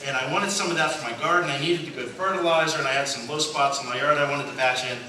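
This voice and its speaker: A man's voice: mid-range voice, bright, forceful tone. A male pastor giving a sermon, telling funny stories and acting out the voices of the people in them. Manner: storytelling, acts out voices in quotes, laughs at own jokes. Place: church sanctuary. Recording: echoey church from far off with noise.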